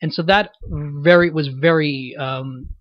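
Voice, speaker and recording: A man's voice: on the high side, steady tone, unhurried, dry recording, muffled recording. A man, a voice actor, giving a thoughtful, explanatory audio commentary about his roles. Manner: thoughtful, explanatory, self-reflective.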